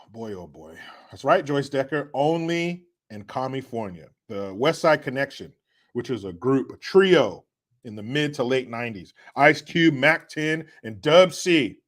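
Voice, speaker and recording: A man's voice: mid-range voice, lively intonation, a little slow. Sarcastic man hosting a commentary stream. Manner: sarcastic, mocking, swings from loud to muttered. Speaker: show host reading viewer comments. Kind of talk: casual political commentary livestream.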